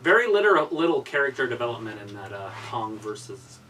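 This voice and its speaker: A man's voice: medium pitch, big pitch swings, a little fast, bright, forceful tone, far from the mic, a little hiss or hum, poor audio. Opinionated man calling wrestling moves. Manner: opinionated, calls out moves and botches. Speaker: co-host reacting to a wrestling show. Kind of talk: casual live-stream commentary.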